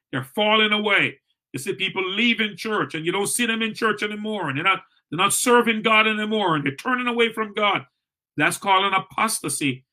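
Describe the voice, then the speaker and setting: A man's voice: a little high, bright, forceful tone. A man teaching a church Bible study, earnest, repeating key points and answering his own questions.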